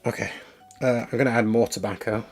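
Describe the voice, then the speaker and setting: A man's voice: medium pitch, steady tone, brisk, vocal fry, slightly rough, soft background music. A man chatting casually on a live stream as he works, thinking aloud and talking to his viewers.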